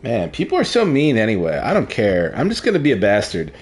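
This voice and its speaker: A man's voice: fairly low pitch, wildly swooping pitch, a little fast, darkish tone, faint music behind. A man giving casual gameplay commentary, rambling, crude and sardonic as he plays. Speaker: gaming streamer.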